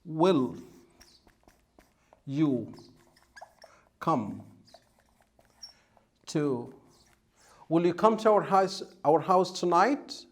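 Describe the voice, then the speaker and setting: Slow, patient English teacher, higher voice. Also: male voice. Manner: patient, repeats and spells out examples. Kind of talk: classroom-style grammar lesson.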